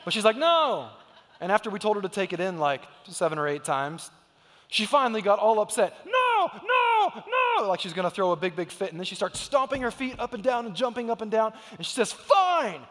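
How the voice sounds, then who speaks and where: A man in his thirties preaches to his congregation with a high voice. He tells family stories with emphasis and acts out the voices in them. His words ring out with a long reverb through the church hall. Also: quick pace, a bit bright. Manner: emphatic storytelling, acts out quotes. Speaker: pastor. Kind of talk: sermon. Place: church sanctuary.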